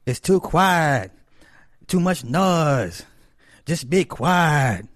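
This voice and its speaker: A man putting on the voice of an irate grown man who whines and pleads for peace and quiet, in a drawn-out, pleading way. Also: fairly high pitch, expressive, dry recording, clean studio sound. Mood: whiny.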